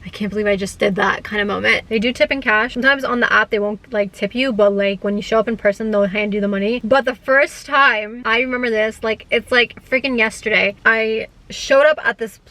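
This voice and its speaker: Young woman vlogging, kinda high voice, says like a lot, animated storyteller. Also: a little fast, hardly any pauses, poor audio. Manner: chatty, heavy use of "like" fillers. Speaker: gig-work vlogger. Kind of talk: casual chat to camera.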